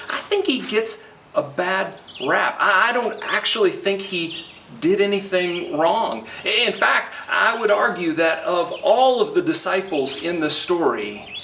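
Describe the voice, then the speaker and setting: A middle-aged man delivers a conversational sermon, pausing with the odd filler. His slightly high voice rises and falls a lot. He stands back from the mic, and the sound is roomy, with faint birdsong and outdoor noise behind him. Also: fairly bright tone, distant mic. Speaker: pastor.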